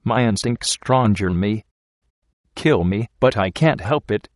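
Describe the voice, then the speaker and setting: A blunt, rough-spoken young working man with a plain, ungrammatical folksy way of talking, as a male audiobook reader gives him voice. His low voice sounds close and dry. He is earnest and unpolished. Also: expressive, measured pace, no room sound. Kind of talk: audiobook character reading.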